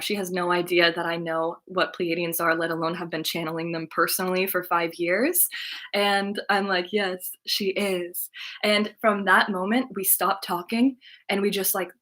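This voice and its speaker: A woman's voice: fairly low pitch, a bit bright. A woman telling a personal story in a casual monologue as a spiritual channeler. She talks in a chatty way, full of fillers, and laughs now and then. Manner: chatty, lots of "like" fillers, laughs while talking. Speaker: spiritual channeler and content creator.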